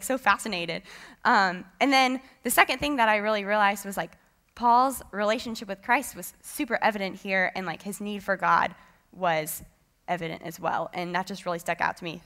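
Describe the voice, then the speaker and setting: Chatty young woman giving a bright devotional talk. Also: mid-range voice. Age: young adult. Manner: chatty, with many filler "like"s; acts out her own reactions in quotes. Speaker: student speaker.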